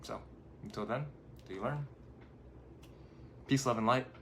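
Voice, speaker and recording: A man's voice: mid-range voice, measured pace, bright, forceful tone, slight background noise. A man, a life coach hosting his own channel, talking casually and rambling a little as he acts out his own thoughts. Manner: conversational, rambling, acts out inner thoughts in quotes. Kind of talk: casual motivational talk to camera.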